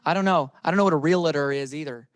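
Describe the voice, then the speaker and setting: A man's voice: fairly high pitch, fast talker, no echo. Guy running an office training session, jokey and punchy, dry sound. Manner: playful, emphatic, talks to audience and online viewers. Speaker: real estate office trainer.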